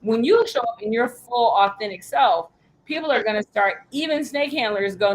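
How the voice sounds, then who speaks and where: A woman coaching a group in an animated, emphatic, blunt way, with the odd curse. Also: a little high, moderate pace, a little hiss or hum, rough recording. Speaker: sales coach. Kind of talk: coaching talk.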